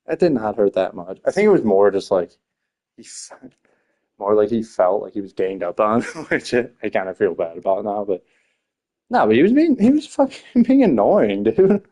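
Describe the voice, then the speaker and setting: A man's voice: fairly low pitch, big pitch swings, normal speed, warm tone. A young man, a teacher, chatting casually, swearing freely, packing his stories with fillers and laughing often. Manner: loose, profane storytelling with many fillers; frequent laughter. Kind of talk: casual podcast chat.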